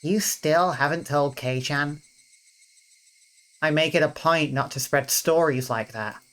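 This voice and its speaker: A game streamer voicing a cold, quiet teenage girl from a visual novel. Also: medium pitch, a little slow, natural voice.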